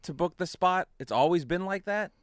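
A man's voice: normal speed, no echo. A man who books guests for the show, talking casually and answering for a missed booking in a defensive, apologetic way. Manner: defensive, apologetic, low-key. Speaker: show booker. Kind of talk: casual studio banter.

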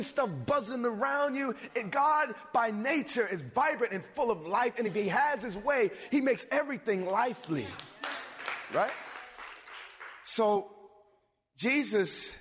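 A man preaching a sermon, animated, swinging between loud bursts and low asides. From suburbs. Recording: long reverb of a hall.

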